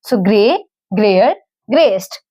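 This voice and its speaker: A woman's voice: mid-range voice, expressive, very slow, dark tone, dry recording. A woman with an Indian English accent, teaching grammar rules and patiently spelling out word forms.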